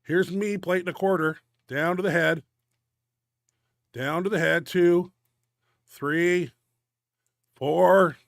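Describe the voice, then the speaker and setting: Gravelly, winded lifting show host. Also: male voice, high-pitched, steady tone, takes it slowly, long pauses, dry recording, clean studio sound. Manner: blunt, profane gym talk. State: winded and out of breath. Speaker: host of a powerlifting video show. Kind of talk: casual commentary over lifting videos.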